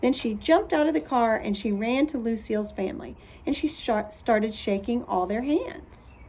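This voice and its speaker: A woman teacher reading a children's storybook aloud, expressive and clear. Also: fairly high pitch, moderate pace, slight background noise.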